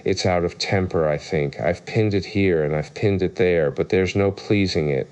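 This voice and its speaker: A man's voice: low voice, normal speed, darkish tone, clean tone, lo-fi sound, lightly acted. A man reading an audiobook voices the White Queen, a flustered, untidy queen who groans and sighs plaintively. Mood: fretful.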